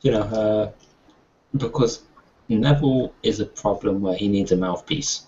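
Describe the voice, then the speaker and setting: A man's voice: lowish voice, a little slow, mellow. A British man co-hosting a casual wrestling chat, opinionated and long-winded, often restarting his sentences. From United Kingdom. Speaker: podcast co-host. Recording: dull lo-fi audio with faint noise.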